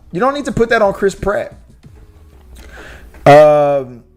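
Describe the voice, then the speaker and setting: A man co-hosting a movie podcast, talking casually in an animated, rambling way with lots of restarts and fillers. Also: high voice. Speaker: podcast co-host.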